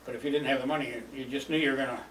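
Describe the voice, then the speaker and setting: Rapid-fire and a bit bright, a medium-pitched male voice keeps a steady tone as an older man reminisces about his youth. He's a rambling oral-history storyteller who chuckles and uses many fillers. Expect a roomy sound from a distant mic, faint ambience and a little hiss or hum.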